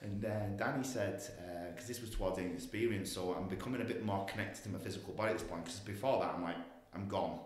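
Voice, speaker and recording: Lowish man telling a story, echoey room. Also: fast talker. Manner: animated, swearing, acts out voices. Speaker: guest. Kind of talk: casual storytelling. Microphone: podcast mic.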